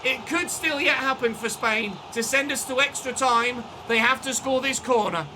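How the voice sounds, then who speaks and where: A man commentating his own football video game match, excitable and shouting at goals, his voice going hoarse. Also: very high-pitched, normal speed, background noise. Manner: shouts and celebrates goals, then chats calmly. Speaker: gaming commentator. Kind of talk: excited live gameplay commentary.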